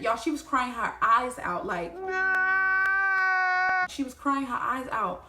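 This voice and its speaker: A woman telling a storytime vlog, animated and swearing freely, talking straight to her viewers. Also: fairly high pitch, slow, pauses often, echoey room, slight background noise. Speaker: vlogger.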